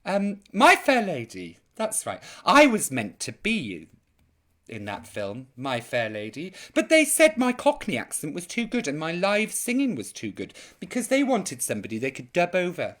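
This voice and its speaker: A woman's voice: fairly low pitch, wildly swooping pitch, moderate pace. A woman hosting a live online chat show, camp, theatrical and gossipy in her comic banter.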